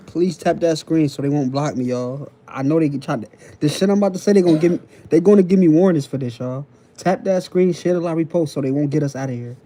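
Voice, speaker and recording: A man's voice: a little high, fast, mellow. A man hosting a phone live stream, lecturing viewers in casual slang and repeating each point while checking in with them. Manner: repetitive, preachy, keeps checking in with the audience. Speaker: TikTok live host.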